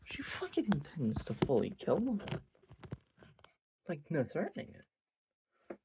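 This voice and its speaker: A man hosting his own channel, giving an animated, profane recap of a manga and acting out quotes as he goes. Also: a little high, slow, noisy background. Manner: animated, swears a lot, acts out quotes. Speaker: channel host.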